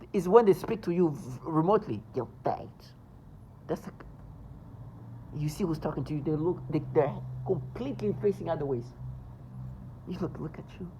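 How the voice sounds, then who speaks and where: Gravelly, agitated man ranting. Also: a little high, darkish tone, low-quality recording. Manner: agitated, insistent, rambling. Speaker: vlogger. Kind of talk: emphatic monologue to camera.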